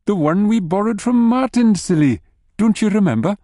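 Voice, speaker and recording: A man voicing a brisk, bossy wife who chides her husband in a bright, teasing way. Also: medium pitch, lively intonation, dry recording, clean studio sound, voice pushed up, natural voice. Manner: bright, chiding.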